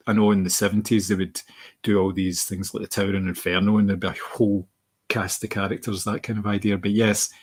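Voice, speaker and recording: Husky low-voiced man. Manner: rambling, many restarts. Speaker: podcast co-host. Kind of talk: casual film discussion.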